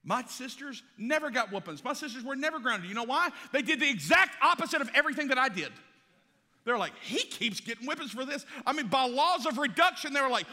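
Preacher guy, folksy and punchy, bright ringing voice, big echoey hall. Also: extremely high pitch, expressive, a little fast. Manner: folksy, punchy, swings from loud to hushed. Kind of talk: sermon to a youth audience. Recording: reverberant hall.

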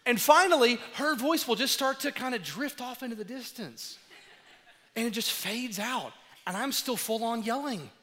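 A man preaching a sermon as pastor, animated and acting out dialogue as he tells stories. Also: extremely high pitch, moderate pace. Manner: animated, acts out dialogue in storytelling. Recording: long hall reverb.

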